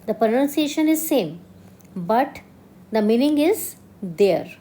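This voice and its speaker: Slow, higher-voiced woman teaching French. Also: sing-song, dark tone. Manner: slow and deliberate, checking understanding with "clear?". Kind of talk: online language lesson.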